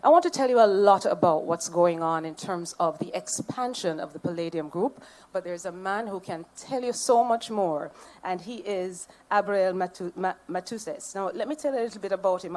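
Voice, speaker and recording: A woman's voice: medium pitch, lively intonation, moderate pace, a little mellow. A woman with a Jamaican accent, serving as master of ceremonies at a public event. She speaks into a podium microphone, reading out dignitaries and bantering playfully with the audience. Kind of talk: ceremonial emcee address.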